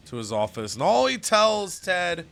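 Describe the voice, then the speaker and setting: A man telling the story of a wrestling game season in a casual, animated way, jumping into the action. His voice is bright and a bit high. Soft music plays faintly underneath. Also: measured pace, creaky. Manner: animated, playful recap.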